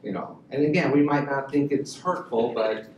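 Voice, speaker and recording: A man giving a university lecture on communication, animated and joking as he quotes examples aloud. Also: mid-range voice, normal speed, a little hiss or hum. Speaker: communication professor. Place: lecture room. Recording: roomy hall, faint ambience.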